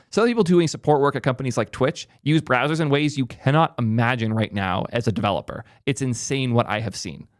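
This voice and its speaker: A young man hosts a tech YouTube channel, delivering opinionated, emphatic commentary in a ranting style full of rapid asides. His mid-range voice comes through with clean studio sound and no echo.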